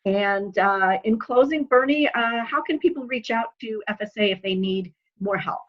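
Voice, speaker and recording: A woman's voice: mid-range voice, moderate pace, muffled recording. A woman hosting a library talk and wrapping up an interview with thanks to her guest. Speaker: host. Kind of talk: closing an interview.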